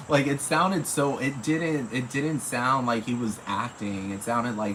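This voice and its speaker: A mid-range, fairly bright male voice moves at a moderate pace with few pauses as he rambles alone on his podcast, casual and profane. He repeatedly asks "you know what I'm talking about," and the recording is rough with slight background noise.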